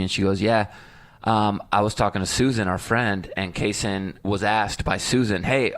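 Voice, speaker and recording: A man co-hosting a parenting podcast, a father who tells stories in an animated way. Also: lowish voice, no room sound. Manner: animated storyteller, jumps into voices when quoting. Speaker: podcast co-host. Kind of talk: casual chat.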